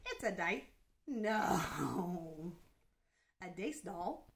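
A woman preschool teacher leading a phonics lesson in a bright, encouraging, sing-song teacher voice. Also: lowish voice, animated, very slow, gravelly. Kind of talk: children's lesson.

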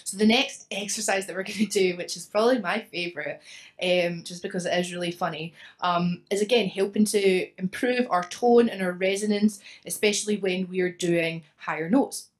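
A woman's voice: medium pitch, moderate pace. Chatty young woman vocal coach. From Scotland. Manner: chatty, laughs often, demonstrates exercises. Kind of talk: singing lesson.

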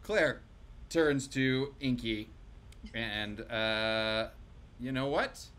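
A man's voice: medium pitch, very slow, a bit bright. A man hosting a comedic table read over a video call, cheering on the cast and handing out voices for them to try. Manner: upbeat, encouraging, hands out voices. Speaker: host and director of a live table read.

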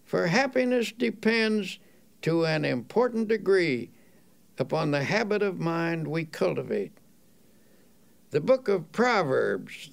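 A man reading a self-help audiobook in an earnest, deliberate way, stressing key words. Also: on the high side, creaky, fairly bright tone. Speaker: audiobook narrator.

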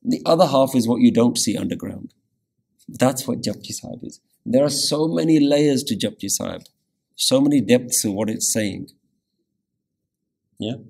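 A man teaching a weekly scripture class, patiently explaining meanings and repeating words slowly to show how they are pronounced, often checking in with "yeah?". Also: mid-range voice, gravelly, darkish tone, husky. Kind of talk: scripture lecture.

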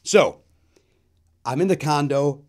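A comedian and show host in his fifties tells a funny story, his fairly high-pitched voice breaking into sudden loud outbursts and quick asides.

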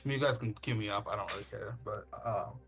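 A man's voice: on the low side, quick pace, gravelly. A man casually chatting with friends while gaming, flustered and swearing, laughing at himself. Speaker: streamer playing a team shooter. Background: game music and sounds.

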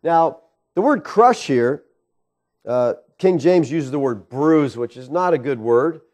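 A man's voice: on the high side, lively intonation, slow, a little mellow. Emphatic male pastor preaching. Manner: emphatic, rhetorical questions to the congregation. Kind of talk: sermon.

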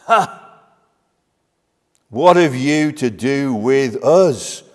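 A man voicing a frightened male demon that cries out loudly in startled, trembling fear. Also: mid-range voice, expressive, very slow. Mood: fearful astonished. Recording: long church reverb.

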